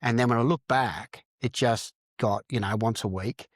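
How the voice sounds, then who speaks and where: A man's voice: medium pitch, moderate pace, dry recording, clean studio sound. A middle-aged Australian man telling his story in a candid interview, blunt and sweary, calling people "mate". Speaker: podcast guest, recovering addict and counsellor.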